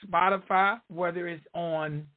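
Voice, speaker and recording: High-voiced Southern man hosting, phone-thin. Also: fairly even intonation, measured pace, phone-quality sound. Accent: Southern US drawl. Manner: emphatic, repetitive promo patter. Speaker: radio show host. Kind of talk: hyped-up podcast interview hosting.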